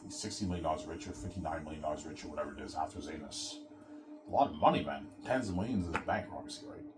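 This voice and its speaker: A man's voice: rumbling low, very fast, over music. A man talking casually in a rambling solo vlog monologue, swearing and repeating himself. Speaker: vlogger.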